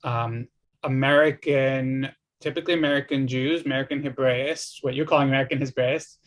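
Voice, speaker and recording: A man's voice: medium pitch, steady tone, brisk. Hesitant male interviewer asking questions. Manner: hesitant, restarting, conversational questions. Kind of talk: academic interview.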